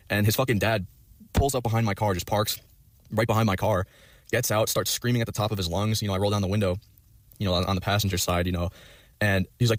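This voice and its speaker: Young guy rambling thru a story, swears a ton, talks super fast, lowish voice, dry sound. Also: no echo. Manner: profane, rambling, many fillers. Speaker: vlogger telling a story.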